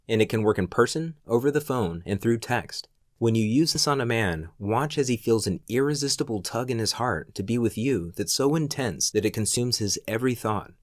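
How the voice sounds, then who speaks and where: Male voice-over for a sales pitch, smooth and persuasive, mid pitch, dry close-mic sound. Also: dry recording. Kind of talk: scripted promotional voice-over.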